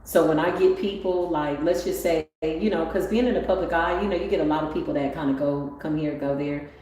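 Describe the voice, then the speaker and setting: A woman giving a motivational spiritual talk on a livestream, animated and swinging up into excited exclamations. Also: low voice, brisk. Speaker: spiritual tarot reader. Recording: very echoey room with faint ambient noise.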